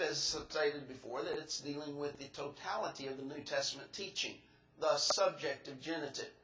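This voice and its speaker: A man's voice: on the high side, a bit bright, reverberant, slight background noise, rough recording. A man preaching an expository sermon in a church, laying out his points methodically, step by step.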